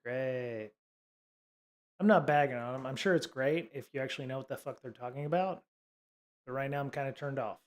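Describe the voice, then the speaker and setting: Male stream host, mid-pitched voice, loose, sarcastic, full of fillers. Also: a little fast, pauses often. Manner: rambling, sarcastic asides, many fillers. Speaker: livestream host teaching coding. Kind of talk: casual livestream tutorial.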